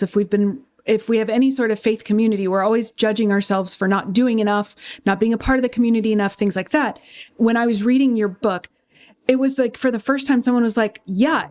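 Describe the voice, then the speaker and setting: A woman's voice: a little high, a little mellow. A woman in her thirties hosting a podcast, speaking earnestly and personally in casual conversation. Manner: earnest, personal, laughs easily. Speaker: podcast host.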